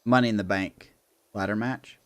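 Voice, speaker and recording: A man hosting a livestream, chatting casually and telling a story in an animated way with lots of laughs. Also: fairly low pitch, normal speed, clear, resonant tone, dry recording. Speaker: livestream host. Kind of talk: casual chat on a gaming stream.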